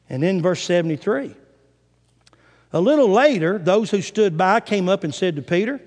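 A man's voice: sits high, lively intonation, normal speed, darkish tone. A male preacher giving a sermon, retelling scripture dramatically in a church sanctuary. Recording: long hall reverb.

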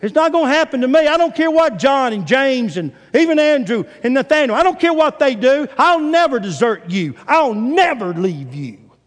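Brash, fiery male fisherman, put on by a preacher; high, loud shouting with reverb. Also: big pitch swings, moderate pace, few pauses. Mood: boastful. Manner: shouting, heated protest. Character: hot-tempered, brash adult male fisherman disciple. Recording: long hall reverb.

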